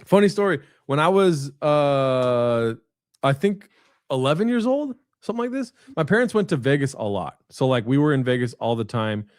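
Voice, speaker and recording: Speaking at a moderate pace in an expressive mid-range voice, a guest comedian tells rambling anecdotes over a video call. The studio sound is clean with no echo, and his casual storytelling is laced with fillers and profanity.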